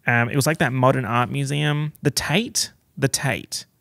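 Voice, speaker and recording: An Australian man hosting a solo podcast, chatting in a camp, sassy, expressive way with big swings in pitch. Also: measured pace, vocal fry, no room sound, clean studio sound. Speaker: podcast host. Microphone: podcast microphone.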